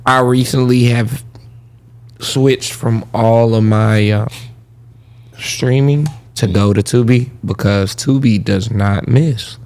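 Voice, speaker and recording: A man's voice: mid-range voice, fairly even intonation, slow pace, darkish tone. A young man co-hosting a podcast in casual chat, taking his time to explain his points and laughing along. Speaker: podcast co-host.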